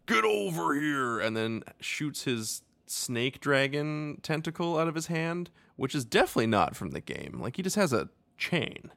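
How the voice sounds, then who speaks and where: A man's voice: mid-range voice, very animated, normal speed, hardly any pauses, fairly bright tone, dry recording. A man co-hosting a podcast, rambling casually about a movie, laughing often and acting out silly quotes. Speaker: podcast co-host. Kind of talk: casual movie review chat.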